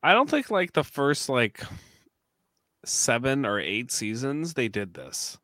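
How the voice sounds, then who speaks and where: A man's voice: medium pitch, very animated, slow, pushed and bright, no room sound, studio quality. A man co-hosting a podcast, giving rambling, opinionated takes in casual chat. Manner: opinionated, rambling with many fillers. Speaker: podcast co-host.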